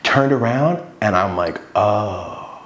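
A man with a fairly low voice tells a story from his own life in a fired-up, swear-filled rush. His room gives the voice a noticeable echo. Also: a little fast. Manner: heated, profane, animated retelling. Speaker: storytelling vlogger. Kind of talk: casual storytime monologue.

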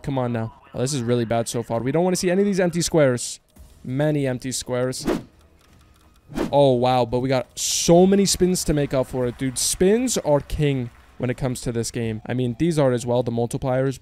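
A man giving casual slot gameplay commentary, joking in slang, swearing a lot and breaking into high yells on big wins. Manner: slangy and joking, talks to viewers as bro and partner. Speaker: slot streamer.

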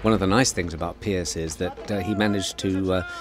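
A middle-aged man giving a relaxed, anecdotal film commentary as the director, with frequent fillers. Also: low-pitched, a little fast, noisy background. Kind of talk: DVD audio commentary.

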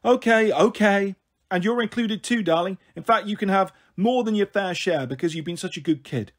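A man's voice: sits high, normal speed. A man putting on a bubbly young mum. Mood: teasing. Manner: bubbly, teasing.

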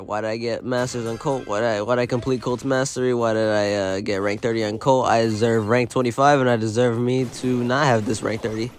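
A man giving live gameplay commentary, excitable and self-mocking, often yelling in bursts, his voice going hoarse. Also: mid-range voice, a little fast, hardly any pauses. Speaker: gaming YouTuber.

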